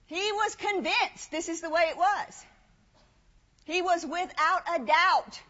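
High-pitched woman preacher, chatty animated sermon, long hall reverb. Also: takes it slowly, muffled recording. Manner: conversational, rhetorical questions, animated. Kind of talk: sermon with scripture reading.

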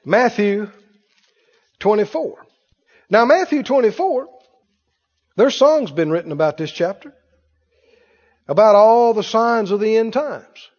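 High-voiced preacher. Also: male voice, lively intonation, a little slow, pauses often, a little mellow, long reverb tail, lo-fi sound. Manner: emphatic, repeats phrases, mimics other voices. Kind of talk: sermon. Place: church.

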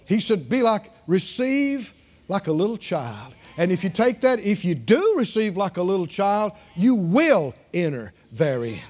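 A man preaching a sermon, drawing answers from his congregation and rising to shouts. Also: high voice, big pitch swings, a little slow.

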